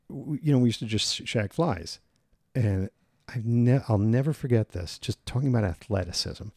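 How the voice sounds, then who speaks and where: A man in a casual chat, telling a sports story in a relaxed, rambling way. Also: on the low side, creaky, no room sound, studio quality.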